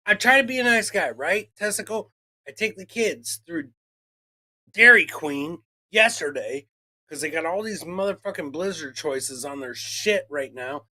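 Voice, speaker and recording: A man co-hosting a podcast rants through casual chat, swearing a lot and acting out quoted exchanges. His voice sits high with lively intonation, and his delivery is unhurried, pushed and bright.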